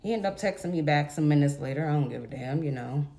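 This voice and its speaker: A woman's voice: deep voice, lively intonation, fast, warm tone. A young adult woman telling a story in a casual, blunt, profane rant to her viewers. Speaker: vlogger.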